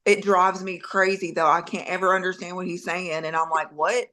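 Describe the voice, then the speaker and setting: A middle-aged woman in a casual podcast chat, talking bluntly and dropping casual swears. Her voice sits a little low. She chimes in often with short agreements. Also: flat delivery, a little fast, bright, forceful tone. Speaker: podcast co-host.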